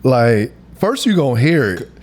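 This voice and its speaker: A young adult man co-hosting a podcast in casual, joking banter, animated and repeating phrases for laughs. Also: mid-range voice, a little slow. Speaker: podcast co-host.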